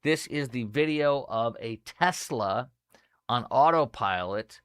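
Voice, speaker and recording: A man's voice: mid-range voice, animated, slow, fairly bright tone, smooth, no echo. A man hosting a talk show, reading headlines aloud and breaking off with incredulous comments. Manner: reads headlines then comments, incredulous asides. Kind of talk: casual news commentary.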